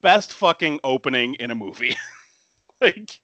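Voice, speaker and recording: A man's voice: mid-range voice, animated, measured pace, a bit bright, no room sound. A man hosting a podcast who retells a film in casual chat, laughing often and swearing freely. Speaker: podcast host.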